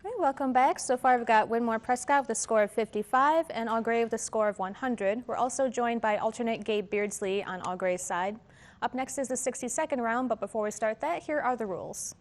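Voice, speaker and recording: A woman moderating a quiz competition, reading questions and rulings in a measured, formal way with an occasional "um". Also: fairly high pitch.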